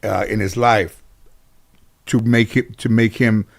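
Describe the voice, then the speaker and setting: A man's voice: on the low side, fairly even intonation, a little slow, vocal fry. A middle-aged American man, a comedian and actor, telling stories as an interview guest in a casual, rambling way, full of fillers and restarts.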